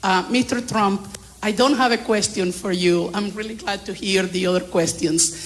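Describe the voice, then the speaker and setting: A woman's voice: mid-range voice, steady tone, normal speed. A woman from Nicaragua with a Nicaraguan Spanish accent, speaking earnestly as an audience member at a town hall. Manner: earnest, heartfelt.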